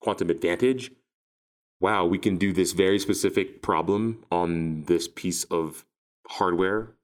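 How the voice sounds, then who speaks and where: A man's voice: low voice, a little slow. A man co-hosting a casual conversation, rambling with many restarts and a sardonic edge.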